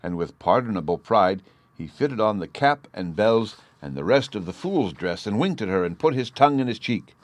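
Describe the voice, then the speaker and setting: A man narrating an audiobook in an even, measured storytelling manner. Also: fairly low pitch, no echo. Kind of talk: scripted narration.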